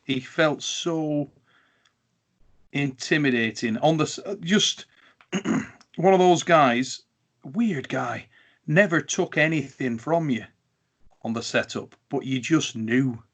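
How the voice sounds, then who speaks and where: Halting man chatting casually. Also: on the high side. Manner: halting, restarts phrases. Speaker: co-host. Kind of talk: casual chat.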